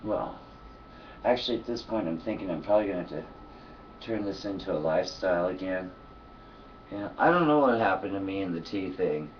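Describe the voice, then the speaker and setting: A man's voice: low voice, lively intonation, fairly quick, pauses often, distant mic, dull audio, a little hiss or hum. Sleepy, profane man rambling on a vlog. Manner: profane, sleepy, yawning, laughs often. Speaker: vlogger. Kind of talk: casual rambling monologue.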